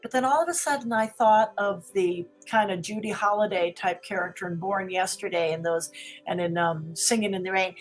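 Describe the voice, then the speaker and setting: A woman's voice: mid-range voice, normal speed, faint music behind, poor audio. A woman comedy teacher chatting as a guest, rambling and restarting as she tells stories. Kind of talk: casual interview chat.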